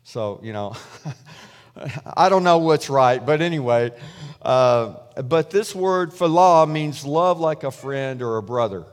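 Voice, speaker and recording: A man giving a sermon in a relaxed, conversational way, retelling a story and acting out the quoted voices. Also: medium pitch, takes it slowly. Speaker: preacher. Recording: reverberant hall.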